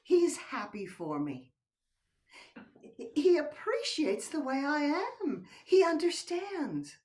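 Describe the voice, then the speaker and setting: A woman's voice: high-pitched, big pitch swings, slow, darkish tone, recorded from a distance, full character voice. An older woman acting a playful wife who teases and coaxes her husband, in a stage play performed over a video call. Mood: fond. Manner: coaxing, teasing, drops to whispers. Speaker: actor in a play. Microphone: computer mic on a video call.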